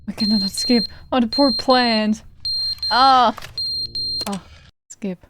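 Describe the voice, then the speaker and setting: A woman streamer giving casual gameplay commentary, muttering quiet teasing asides to herself. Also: a little high, slow pace, very noisy.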